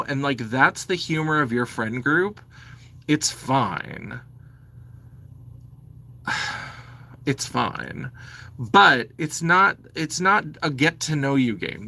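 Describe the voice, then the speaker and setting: A man in his forties rants to camera from home, blunt and fed up, with curses dropped in freely. His voice is lively, climbing and falling through each complaint. The tone is bright and tense. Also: on the high side. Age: 40s. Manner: animated, blunt, sweary, exasperated. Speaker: vlogger. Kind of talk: ranting to camera.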